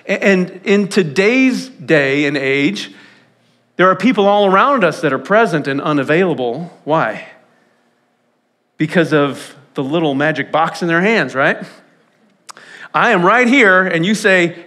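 A high-pitched man preaching a sermon in a church sanctuary. He tells stories with lively, animated delivery and jumps into quoted voices along the way. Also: a little slow. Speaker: pastor.

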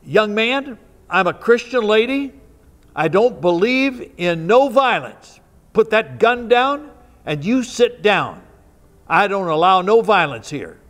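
A man's voice: high voice, animated, a little slow, in a large hall, pitched above the performer's own voice. A man voicing a stern but loving elderly Christian woman, speaking emphatically and commandingly. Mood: firm.

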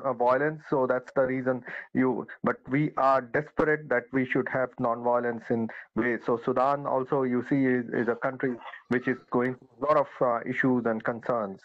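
A man's voice: medium pitch, little pitch movement, normal speed, lo-fi sound. A man interviewing a guest, soothing and reassuring, calling him brother. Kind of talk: warm reassuring conversation.

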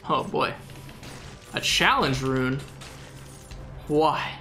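A man's voice: medium pitch, normal speed, sharp tone, soft background music. A man from the Southern US giving rambling, self-mocking gameplay commentary as a gaming video host.

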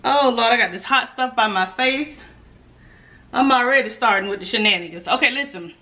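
A woman's voice: on the high side, a little fast, pushed and bright. A woman food vlogger, chatting casually and nervously to her viewers, laughing often. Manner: nervous, giggly energy. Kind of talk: casual mukbang vlog.

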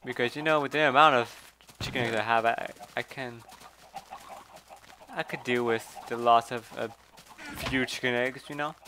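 A man's voice: mid-range voice, steady tone, moderate pace, noisy background. A man giving casual gameplay commentary, chatty, swearing, and talking to the animals in the game. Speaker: gameplay video host.

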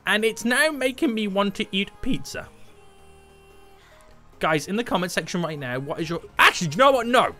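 A man narrating his gameplay with huge swings in pitch and a bright, forceful tone. He jokes constantly and bursts into shouts, with faint music playing underneath. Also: sing-song, moderate pace. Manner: loud, jokey, shouting outbursts and sudden pitch jumps. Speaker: gaming YouTuber. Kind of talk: energetic gameplay commentary.

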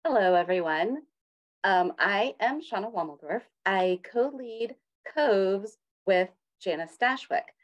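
A woman's voice: medium pitch, expressive, takes it slowly, lo-fi sound. Woman introducing a church ministry. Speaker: ministry co-leader. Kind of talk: church talk.

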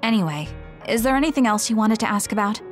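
A woman voicing a calm, reserved young woman in a video game, soft-spoken. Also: fairly high pitch, quick pace, natural voice. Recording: game audio with music behind.

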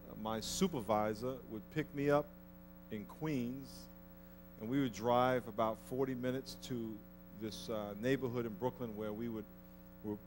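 Man preaching a sermon over faint hum. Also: on the low side. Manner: conversational storytelling, building to emphatic exhortation. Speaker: pastor. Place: church.

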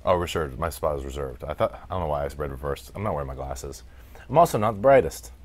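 A deep-voiced American man talks through a wrestling game on his stream in an easygoing, chatty way. He laughs a lot and swears freely as he answers the chat. The recording sounds like a desk mic at a gaming setup. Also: very animated, fast, breathy edge. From United States. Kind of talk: casual let's-play commentary while reading chat.

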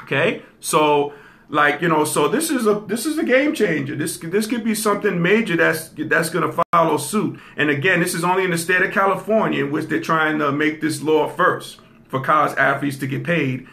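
A male host talks through the news in loose, casual commentary, often pausing to ask listeners "okay?" His creaky voice sits a bit high with a bright, forceful edge, and he repeats key phrases to drive points home.

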